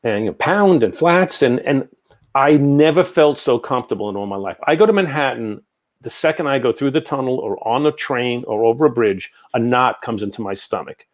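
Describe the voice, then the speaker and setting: A New York man in his 60s, a psychic medium, is a guest in an interview, casually telling long, rambling stories. His animated anecdotes are full of asides, delivered in a mid-range voice at normal speed.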